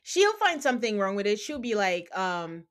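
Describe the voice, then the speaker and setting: A woman with a medium-pitched voice hosts a podcast at a moderate pace, casually recapping a reality show. She's animated, calls her listeners "guys," and acts out the people she quotes in put-on voices.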